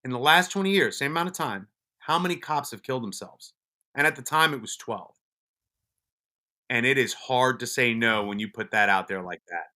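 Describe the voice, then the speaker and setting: A man with a bright, forward voice tells stories in a casual, offhand way. He is blunt and swears freely, often breaking off and restarting sentences mid-thought. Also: medium pitch, lively intonation, moderate pace. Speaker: podcast guest, police officer and wellness advocate. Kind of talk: casual storytelling.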